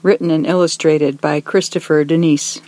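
A gentle storyteller reads a children's picture book aloud in a soft, mid-pitched voice. The delivery is expressive and unhurried, slowing to linger on key words. The sound is dry and close, with no room echo.

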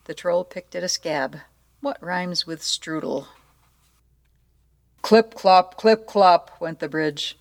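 Female storyteller, slightly low pitch, playful read-aloud narration. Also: slow pace, pauses often. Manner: playful, expressive narration with asides.

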